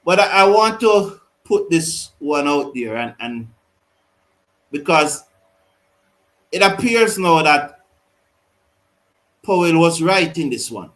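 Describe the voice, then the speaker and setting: Male host, high voice, excitable live cricket commentary and comment reading. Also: takes it slowly, pauses often, rough recording. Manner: excitable, reads viewer comments aloud. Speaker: host of a cricket watch-along.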